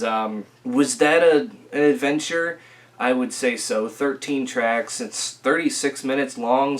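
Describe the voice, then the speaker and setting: A young man giving a casual, rambling album review, full of fillers and restarts, a little rough from a recent illness. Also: mid-range voice. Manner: rambling, filler-heavy, self-correcting. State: recovering from illness, occasional coughing.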